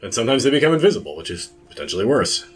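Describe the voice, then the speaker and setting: A man playing in a tabletop role-play game, measured and dry, speaking in and out of character. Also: medium pitch, very animated, slight background noise. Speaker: player.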